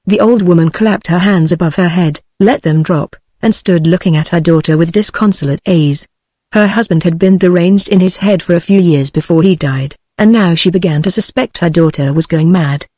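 A text-to-speech voice of a British woman reading a novel aloud in an even, measured way. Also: lowish voice, dry recording, clean studio sound. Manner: even, measured synthetic delivery. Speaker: audiobook narrator. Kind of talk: synthetic audiobook narration.

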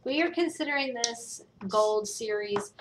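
A woman who co-hosts a family toy review channel chats casually while unboxing toys, rambling and thinking aloud. Her fairly high voice moves a little slowly, with background noise present.

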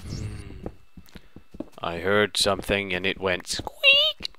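A man's voice: fairly low pitch, huge pitch swings, takes it slowly, heavy background noise. A young man giving playful, rambling let's-play commentary, often mocking himself. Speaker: gaming video host.

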